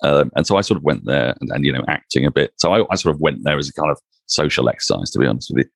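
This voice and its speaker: A man, a cricket commentator, telling anecdotes as a podcast guest in an animated, self-mocking way. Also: a bass voice, rapid-fire, gravelly, slightly rough, no room sound, studio quality. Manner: animated, self-mocking raconteur with frequent restarts. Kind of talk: anecdotal interview storytelling.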